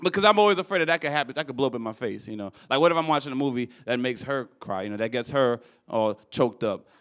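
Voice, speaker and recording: A young man performing a stand-up comedy set on stage, animated and acting out people with loud high voices. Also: quick pace, clear, resonant tone. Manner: animated, acts out characters with shouted high voices. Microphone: handheld stage mic.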